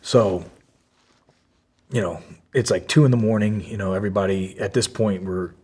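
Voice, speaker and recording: Husky low-voiced man telling a story. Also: moderate pace, a little mellow. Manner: profane, lots of fillers, acts out quotes. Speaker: podcast guest. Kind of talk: casual storytelling.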